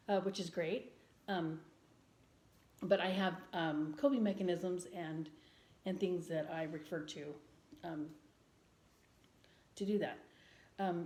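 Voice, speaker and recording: A woman vlogger in casual chat, speaking earnestly and gently with frequent ums and restarts. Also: medium pitch. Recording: roomy indoor echo.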